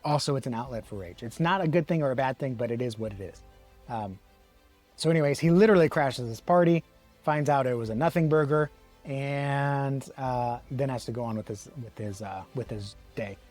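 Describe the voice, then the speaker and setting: A man's voice: mid-range voice, moderate pace, darkish tone, soft background music. A man giving a casual comic book review, rambling with many fillers and restarts and the odd chuckle. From Texas.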